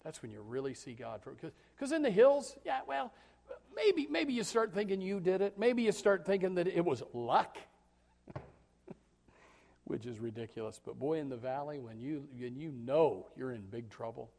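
A middle-aged male pastor preaching a sermon, animated, swinging from loud bursts to hushed tones. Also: fairly high pitch, moderate pace, gravelly. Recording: long hall reverb.

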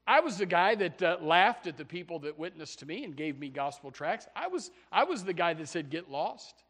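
A man preaching a fiery sermon, swinging from loud shouts to hushed low passages, often stammering and repeating words. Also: sing-song, a little fast. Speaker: pastor.

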